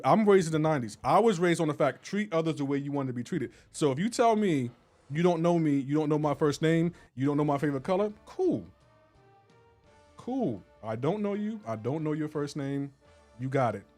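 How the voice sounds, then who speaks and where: Lively, playful man bantering on stream. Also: fairly high pitch. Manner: playful teasing banter, laughs often, slangy. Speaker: live game streamer. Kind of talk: casual stream chat with viewers.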